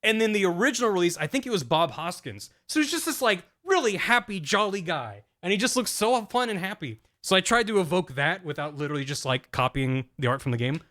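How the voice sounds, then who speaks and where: A man's voice: sits high, sing-song, a little fast, hardly any pauses, pushed and bright. A young man streaming, giving rambling, self-deprecating casual commentary full of fillers and laughs.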